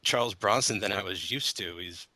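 Male podcast co-host, lower pitch, bright tone, amused and laughing, casual chat, dry sound. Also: normal speed, no echo. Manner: amused, laughs often while talking. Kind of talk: casual movie discussion.

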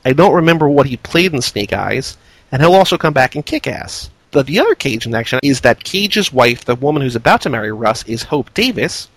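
A man with a mid-pitched, everyday voice shares movie trivia in an easy conversational way. His tone is relaxed and lightly joking. The recording is dry and close to the mic. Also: fairly quick, no echo, rough recording. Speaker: podcast host. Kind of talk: casual film discussion.

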